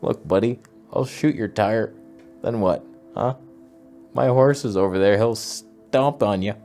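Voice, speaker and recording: A man putting on a boastful, threatening old movie cowboy with a slow tough-guy drawl. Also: fairly low pitch, darkish tone, soft background music.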